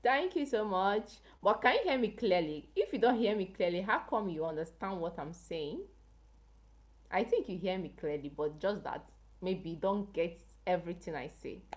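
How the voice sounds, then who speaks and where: A woman's voice: lowish voice, expressive, normal speed. A woman from Africa hosting a casual health livestream, chatting with viewers and asking them questions. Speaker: health channel livestream host.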